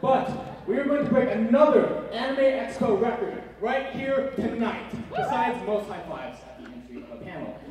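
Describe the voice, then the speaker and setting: A man performing a live comedy magic act on a convention stage, goofy and hyper with sudden bursts of yelling. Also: extremely high pitch, animated, moderate pace. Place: large convention hall stage. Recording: echoey hall from far off. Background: loud laughing, cheering crowd.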